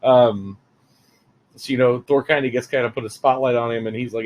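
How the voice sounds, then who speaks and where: A man's voice: mid-range voice, fairly even intonation, brisk, rough recording. Man, film reviewer, casual rambling talk, lots of ums. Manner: rambling, chatty, many fillers.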